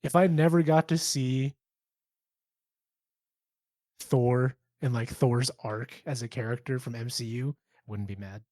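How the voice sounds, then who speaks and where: A man's voice: medium pitch, fairly even intonation, measured pace, pauses often, mellow, no room sound. Playful man, dry close sound. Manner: playful, teasing, laughs often. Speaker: podcast co-host. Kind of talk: casual chat.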